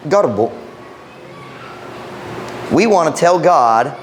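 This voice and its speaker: A man preaching a sermon as pastor, animated, slipping between English and Cebuano phrases. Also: fairly high pitch, moderate pace. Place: church sanctuary. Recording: echoey church room with faint ambient noise.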